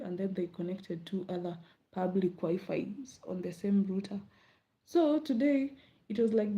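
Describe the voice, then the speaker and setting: A woman's voice: medium pitch, highs cut off. Chatty Kenyan woman, late-night murmur. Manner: rambling, chatty, laughs often, drops to soft murmurs. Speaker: vlogger. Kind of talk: casual late-night chat.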